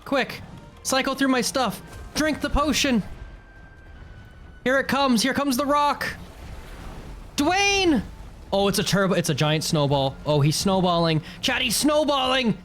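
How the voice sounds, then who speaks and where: Guy streamer doing game commentary, really high bright voice, keeps yelling at the game, faint game music behind. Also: measured pace, long pauses. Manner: excitable, yells at the game. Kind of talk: live gameplay commentary.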